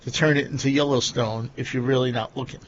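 A man's voice: medium pitch, steady tone, fast, lo-fi sound, a little hiss or hum. A man with a Long Island New York accent, hosting a casual chat and rambling with lots of fillers. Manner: rambling, many fillers like "you know" and "like".

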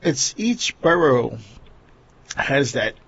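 A man's voice: medium pitch, very animated, very slow, creaky, fairly bright tone, breathy edge, highs cut off. A man with a Long Island New York accent, hosting a casual chat and rambling with lots of fillers. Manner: rambling, many fillers like "you know" and "like".

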